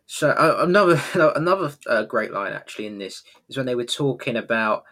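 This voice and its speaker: A man's voice: medium pitch, lively intonation, fairly quick, bright, forceful tone. A man co-hosting a podcast, chatting casually about a sitcom episode, laughing often and acting out its lines. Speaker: podcast co-host. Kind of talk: casual chat recapping a sitcom.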